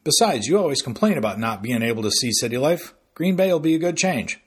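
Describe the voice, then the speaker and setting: A man's voice: medium pitch, very animated, fairly quick, husky, voice pushed up. A man voicing a blunt, joking middle-aged father at the dinner table. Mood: gruff. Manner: jokey, blunt. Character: beer-drinking middle-aged dad, joking.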